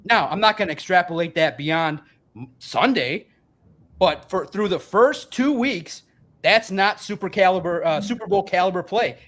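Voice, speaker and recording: A man in his forties with a high-set voice holds forth in a casual sports podcast chat. He is emphatic, rambling and heavily profane, sounding a little tipsy from a couple of beers. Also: expressive, moderate pace, fairly bright tone. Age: 40s. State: a bit tipsy from beer.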